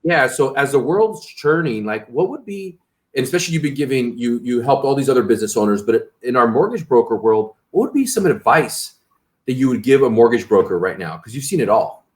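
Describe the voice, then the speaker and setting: Brisk and expressive, this medium-pitched man hosts a relaxed interview in a rambling way. He keeps restarting his thoughts and ending lines with tag questions like "right?"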